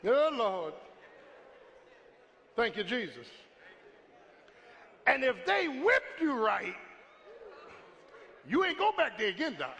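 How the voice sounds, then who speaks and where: A man preaching a sermon as pastor, calling for a witness from the congregation, swinging from shouts down to a hush. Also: very high voice, big pitch swings, takes it slowly, gravelly, pauses often, highs cut off. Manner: call-and-response preaching, asks for a witness; builds to shouts, then drops to a hush. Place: church sanctuary. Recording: long reverb from a large hall.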